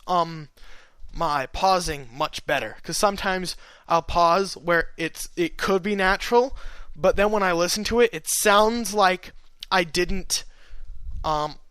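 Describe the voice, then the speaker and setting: A man's voice: high-pitched, a bit bright, no echo. A young man, an audiobook reader, chatting casually in a meandering author's note full of fillers and restarts.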